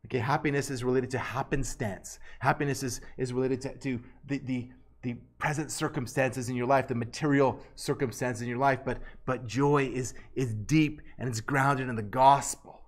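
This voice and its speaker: A man's voice: mid-range voice, steady tone, normal speed. A man preaching an expository sermon, earnest and emphatic, often restarting and repeating words.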